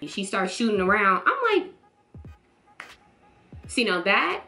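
Animated, lively young-sounding woman vlogger. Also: mid-range voice, takes it slowly, faint music behind. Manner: animated, expressive, jumps into voices of characters; chatty, slangy. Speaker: vlogger reacting to a TV show. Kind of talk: casual reaction chat.

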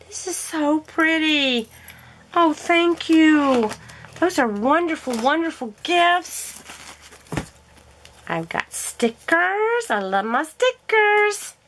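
Woman, high and lively, gushing unboxing vlogger, unhurried delivery, faint hiss behind. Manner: gushing, gasping with delight. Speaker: crafting vlogger. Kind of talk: unboxing haul vlog.

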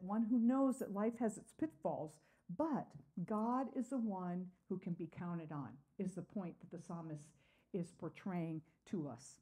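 A woman's voice: mid-range voice, dark tone. A woman teaching a Bible study lesson, asking her class questions and answering them herself, earnest, with frequent "uh" fillers.

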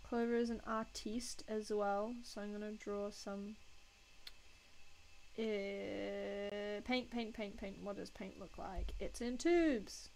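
A woman's voice: medium pitch, steady tone, takes it slowly, a little mellow, a little hiss or hum, poor audio. A woman casually chatting and joking at her own expense while she draws on a live stream. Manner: self-mocking, joking, laughs often.

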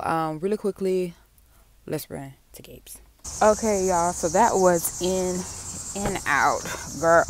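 A young woman talks casually to her viewers, calling them y'all and girl. Her voice is smooth and a little sleepy, set slightly low. A faint hum of background noise sits under her speech. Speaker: vlogger. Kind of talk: casual vlog chat while running errands. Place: in a car and stores.

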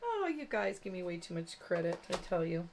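A woman with a fairly low, gravelly, slightly mellow voice hosts a casual card-making tutorial, her pitch swinging widely at a moderate pace over a faint hiss or hum. As she works she chats and rambles, self-deprecating and full of fillers.

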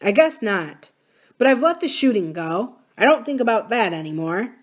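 A woman reading aloud and voicing a troubled middle-aged man who sounds strained and pleading, then breaks into angry shouts. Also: medium pitch, very animated, moderate pace. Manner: tense and pleading, bursting into anger.

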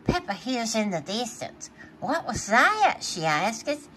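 A woman reading a children's picture book aloud, playful and animated, laughing often between pages. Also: a little high, slow, a little hiss or hum. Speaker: storybook reader.

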